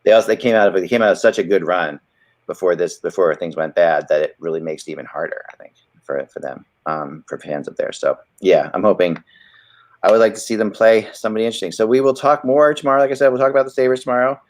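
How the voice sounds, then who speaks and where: Deep-voiced man rambling about hockey. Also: fast. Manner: rambling, many restarts. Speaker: podcast host. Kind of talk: casual hockey chat.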